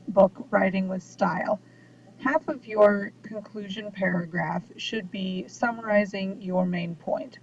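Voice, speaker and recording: A woman's voice: medium pitch, darkish tone. A woman giving a recorded lesson on essay writing, explaining steadily with frequent ums and uhs. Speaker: writing instructor. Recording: dull distant mic with faint hiss.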